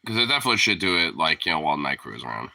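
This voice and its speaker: A man rambling casually while hanging out with his dog, cursing and laughing as he goes. His pitch swings widely and his tone is bright and sharp, with a teasing edge whenever he talks to the dog. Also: sing-song, racing, creaky, no echo. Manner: swears freely, rambling, laughs often. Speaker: pet owner vlogger. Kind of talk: casual chat.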